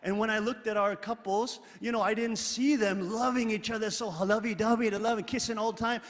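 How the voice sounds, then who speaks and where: Emphatic pastor man, high, in a hall. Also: steady tone, brisk. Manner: emphatic, swings between loud exclaiming and quiet asides; leads the congregation in reading scripture aloud. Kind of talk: sermon. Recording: long hall reverb.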